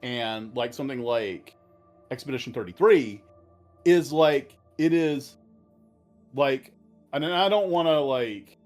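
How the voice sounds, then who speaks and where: A man's voice: mid-range voice, takes it slowly, long pauses, a little mellow, soft background music. A man co-hosting a let's play, chatting casually and hesitantly, often searching for words. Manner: hesitant, lots of fillers and restarts. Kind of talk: casual chat over gameplay.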